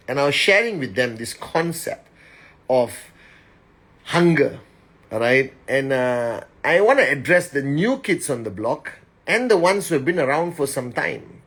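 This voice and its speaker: A man hosting a live stream, greeting viewers by name and giving a motivational talk in an energetic, casual way. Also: mid-range voice, husky. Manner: energetic, reads names quickly, speaks directly to the audience. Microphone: phone.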